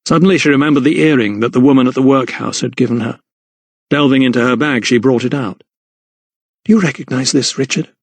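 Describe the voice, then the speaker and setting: A man narrating a historical mystery audiobook in a measured, even storytelling voice. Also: medium pitch, creaky, no room sound. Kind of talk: scripted narration.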